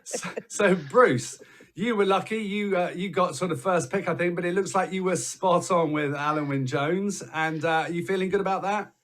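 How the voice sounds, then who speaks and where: A man's voice: high voice, normal speed, a bit bright. Teasing male podcast host. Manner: teasing, moves the chat along. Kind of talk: casual panel chat. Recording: faint background noise.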